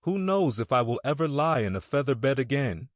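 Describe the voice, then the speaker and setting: Male audiobook narrator, measured and somber, mid-pitched voice, dry close recording. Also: very animated, no echo. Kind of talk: scripted narration.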